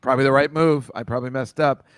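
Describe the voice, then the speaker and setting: A man's voice: medium pitch, steady tone, fast, clear, resonant tone, no echo. A man hosting a casual football picks chat over a video call, rambling loosely and laughing often. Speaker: host.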